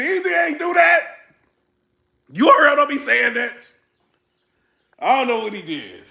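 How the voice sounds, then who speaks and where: Man, excited commentary vlog, very animated, echoey room. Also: high-pitched, creaky. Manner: animated, laughing, quoting others in a raised voice. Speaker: battle rap commentary vlogger.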